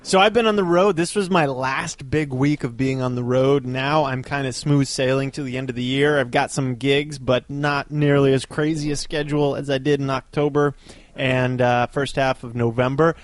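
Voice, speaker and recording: A young adult man co-hosting a casual podcast, telling stories slowly and laughing easily. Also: mid-range voice, steady tone, no room sound. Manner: slow-talking, laughs easily, chatty storyteller. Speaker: podcast co-host. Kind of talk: casual chat.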